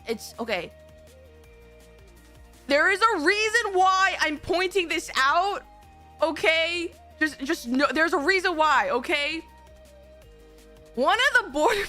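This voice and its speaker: A young woman with a high, sharp, bright voice tells a long story to her stream. She rambles, restarts and swears freely, jumping into little impressions of the people involved. Soft game music plays faintly behind her. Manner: animated, rambling, swears, acts out quotes. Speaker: VTuber streamer.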